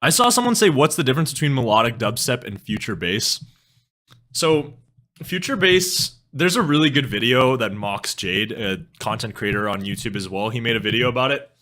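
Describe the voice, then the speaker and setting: With a medium pitch, an expressive, bright and forceful tone, and normal speed, a young Canadian-accented man from western Canada talks to his live-stream chat. This music streamer rambles, loses his train of thought, and swears freely.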